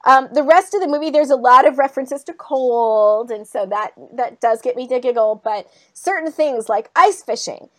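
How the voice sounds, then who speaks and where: A woman from northern Minnesota with a Minnesota accent, chatting casually and telling animated stories as a podcast host. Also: high voice, normal speed, few pauses. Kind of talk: casual chat.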